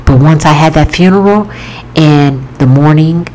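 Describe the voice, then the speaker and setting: Low-voiced woman sharing a personal story. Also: unhurried, dark tone, a little hiss or hum, rough recording. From Florida. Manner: earnest, emotional storytelling with repetitions. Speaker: author. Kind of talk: personal testimony to viewers.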